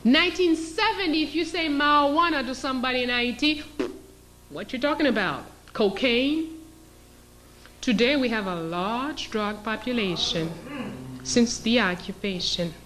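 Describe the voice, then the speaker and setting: At a moderate pace, a woman with a slightly high, somewhat bright voice gives a passionate, emphatic public lecture. She acts out scenarios and asks rhetorical questions, all on a rough recording.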